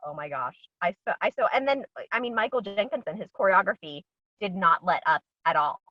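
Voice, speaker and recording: A woman's voice: mid-range voice, lively intonation, a little fast, no echo. A woman, an actress, chatting in an interview over a video call, bubbly and full of ums and laughs. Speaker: actress guest. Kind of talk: casual interview chat. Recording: dull, dry lo-fi audio.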